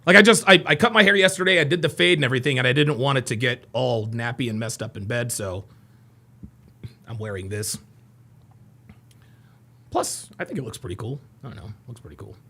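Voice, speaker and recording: A man hosting a casual livestream, reading out viewers' names and places with upbeat shout-outs and dropping into low mumbled asides. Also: a little fast, pauses often. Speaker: livestream host.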